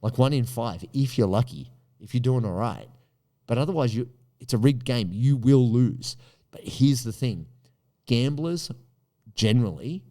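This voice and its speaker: A man hosting a podcast, talking in an emphatic way and jumping up high in pitch for punchy questions. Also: animated, unhurried, dark tone. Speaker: podcast host. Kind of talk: animated podcast monologue.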